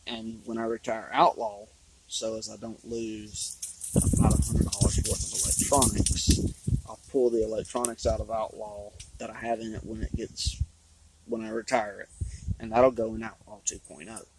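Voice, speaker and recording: A man, chatting casually and rambling about his hobby, his voice hoarse from talking a long time. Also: lowish voice, level tone, normal speed, a little mellow, a little hiss or hum, rough recording. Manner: rambling, drawling, with restarts. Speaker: RC hobby vlogger. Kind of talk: casual trailside chat. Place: outdoors on a trail.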